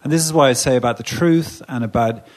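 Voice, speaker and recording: Animated English man on a panel. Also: medium pitch, fast. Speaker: panel speaker. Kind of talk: panel discussion.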